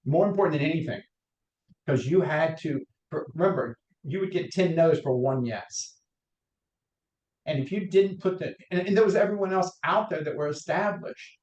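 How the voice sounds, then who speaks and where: A middle-aged man with a Southern accent, raised in North Carolina, speaks as a podcast guest. His voice sits a little high for a man and he drifts through anecdotes with frequent restarts. The room around him rings with a noticeable echo. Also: normal speed, darkish tone, highs cut off. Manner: rambling anecdotes with restarts, acts out quotes. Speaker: guest, mortgage lender. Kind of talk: podcast interview, career storytelling. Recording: roomy echo.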